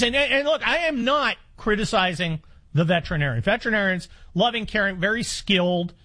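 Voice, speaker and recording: A man's voice: high-pitched, a bit bright. A man in his sixties hosting a talk radio show, speaking in a wry, rambling monologue full of restarts. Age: 60s.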